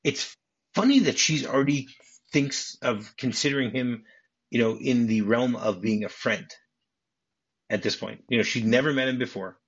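A man's voice: mid-range voice, moderate pace, husky, muffled recording. A man hosting a podcast, casually retelling movie scenes with many restarts and acted-out lines. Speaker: podcast host.

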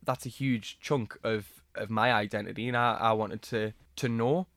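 A man's voice: fairly low pitch, steady tone, moderate pace, a bit bright, no room sound. A man reflectively telling a personal story as a podcast guest, with some hesitations.

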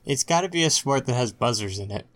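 A man's voice: mid-range voice, lively intonation, fast talker, a bit bright. Man chiming in with dry quips. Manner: dry short interjections. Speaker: podcast co-host. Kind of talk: casual chat.

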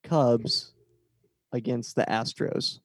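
A man's voice: mid-range voice, fairly even intonation, takes it slowly, no room sound. A man co-hosting a casual sports podcast, reading out matchups and steering the chat. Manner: reads out matchups, leading the talk. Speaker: podcast co-host.

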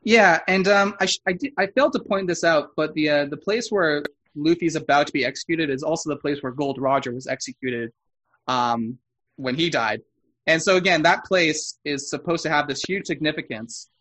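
A man with a slightly higher voice talks casually on a podcast, explaining background details like a knowledgeable fan. He often pauses to correct himself or add a point he missed. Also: a bit bright. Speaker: podcast co-host. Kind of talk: casual chat.

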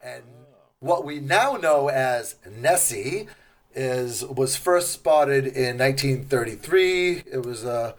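A man co-hosting a podcast in casual comedic chat, animated, often jumping into high joking voices for the people he quotes. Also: takes it slowly. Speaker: podcast co-host.

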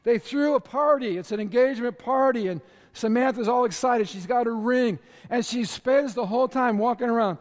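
A man preaching a lively, storytelling sermon and talking straight to his congregation in a large church. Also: very high voice, moderate pace. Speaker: pastor. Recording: long reverb of a large hall.

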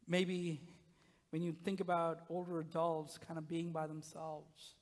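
A man with a slightly raised pitch delivers a conversational sermon, talking straight to the congregation and often falling to a hushed near-whisper. His voice rings out in a long church reverb. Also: level tone, measured pace. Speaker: pastor. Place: church sanctuary.

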